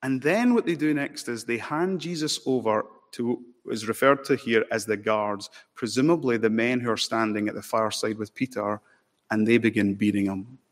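A male preacher delivers an impassioned sermon, his medium-pitched voice lifting to emphatic peaks and dropping into slow, solemn passages. Long reverb from the church hall trails after each phrase. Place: church sanctuary.

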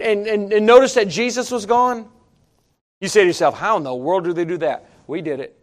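Man, middle-aged, high voice, folksy preacher, chatty sermon to the congregation. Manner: folksy, storytelling preacher, addresses congregation directly. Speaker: pastor.

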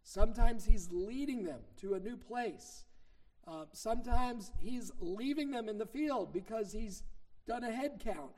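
A middle-aged man preaches a sermon with a high voice. He teaches in a relaxed, conversational way, telling stories. He presses hard on the points he wants to land. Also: unhurried. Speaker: minister.

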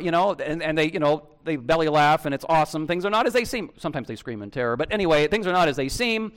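A man preaching a sermon in a conversational, animated way, with frequent restarts and direct questions to the congregation. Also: fairly high pitch, brisk, clean tone. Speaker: pastor.

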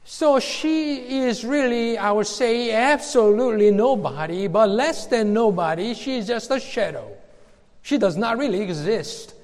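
A male preacher giving a sermon, slow and emphatic, with dramatic pauses. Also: high voice, expressive, darkish tone, in a large hall.

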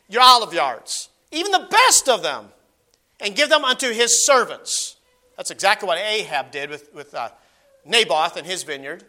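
A man preaching a sermon, moving between emphatic exclamations and quiet asides, and reading scripture aloud in slow measured phrases. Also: sits high, animated. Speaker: pastor. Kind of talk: expository sermon.

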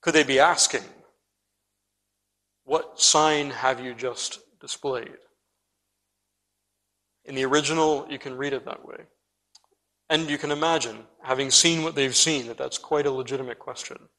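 A man's voice: medium pitch, fairly even intonation, a little fast, pushed and bright. A man preaching an expository sermon, earnest and direct, turning to his listeners and leaning hard on key words. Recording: long reverb in a large hall.

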